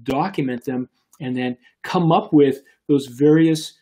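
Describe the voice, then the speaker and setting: A middle-aged man with a husky, somewhat breathy voice talks to a live audience about running a business. He tells stories in a loose, animated way, often restarting his sentences. His pitch sits in the ordinary middle range for a man. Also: a little slow. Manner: animated, chatty, many fillers and restarts. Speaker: business coach and show host. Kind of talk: live business talk with a story.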